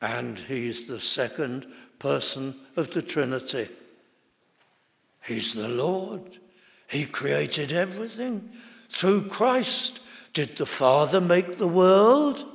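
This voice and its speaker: A man preaching slowly and deliberately, his fairly high voice carrying through a large hall with a long echo. He leans hard into key words, building to forceful bursts. The sermon style is old-fashioned and measured. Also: animated, gravelly. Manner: emphatic, rising to forceful bursts.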